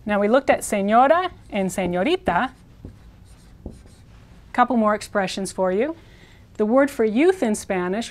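A woman teaching a recorded language lesson. She explains the rules step by step and says each example word slowly and carefully. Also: medium pitch. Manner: slow, careful pronunciation drills. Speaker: Spanish teacher.

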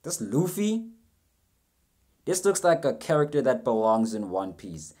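A man's voice: medium pitch, big pitch swings, a little slow, darkish tone, faint music behind. A young man giving a rambling, self-mocking reaction commentary, swearing freely as he goes. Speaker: reaction video host.

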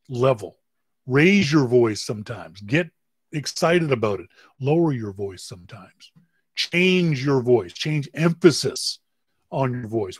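A man hosting a podcast, giving casual advice on camera and stressing words with big jumps in pitch and loudness. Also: breathy edge, no room sound. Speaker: podcast host.

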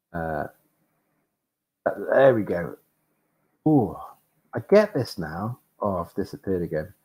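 Male streamer, low-pitched and unhurried, flustered and self-deprecating while playing a retro game. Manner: excitable, flustered, self-mocking, lots of exclamations. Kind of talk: live gameplay commentary.

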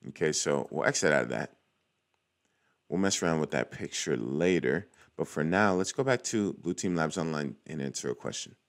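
A man's voice: very deep voice, expressive, normal speed. A young man hosting a casual screen-recorded walkthrough, chatty and cheering small wins as he goes. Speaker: cybersecurity tutorial host.

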